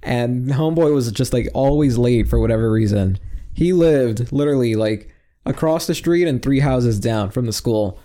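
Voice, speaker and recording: Dark-voiced rambling male podcast host. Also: mid-range voice, normal speed. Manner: rambling, swearing, loses his train of thought. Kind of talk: casual chat.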